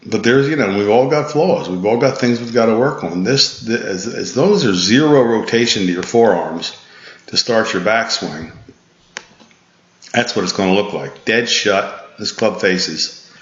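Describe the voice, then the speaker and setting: A man's voice: lowish voice, a little slow. A man working as a golf instructor, patiently talking a student through a swing analysis in a tired, easygoing way with frequent restarts. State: tired, yawning. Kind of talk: swing analysis voice-over lesson. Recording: echoey, dull lo-fi sound.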